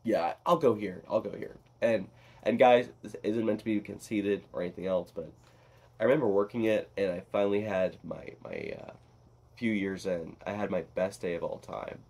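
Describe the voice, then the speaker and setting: A man vlogging in a casual, rambling monologue that is animated and full of swearing. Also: fairly low pitch, normal speed.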